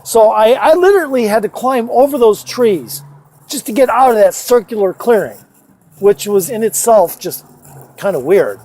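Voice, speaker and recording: A man's voice: high voice, expressive, normal speed, a little mellow. A man in his fifties from Missouri telling a personal story in a rambling, casual way, swearing often and full of asides and fillers.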